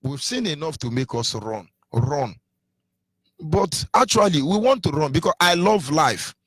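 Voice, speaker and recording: A man's voice: a little high, very animated, unhurried, slightly rough, no room sound. A man with a Nigerian accent giving a fiery political sermon on radio, asking rhetorical questions and half-singing some phrases. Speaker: activist radio speaker.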